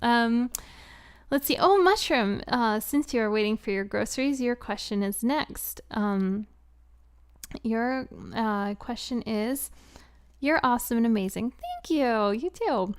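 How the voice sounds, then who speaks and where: A woman chatting casually on a live stream, answering viewer questions. She speaks softly, drifts into whispers, giggles often, and fills her talk with "um" and "like.". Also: on the high side, expressive, measured pace, clear, resonant tone, no room sound, studio quality. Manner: soft-spoken, drifts into whispers, many "um" and "like" fillers, giggly.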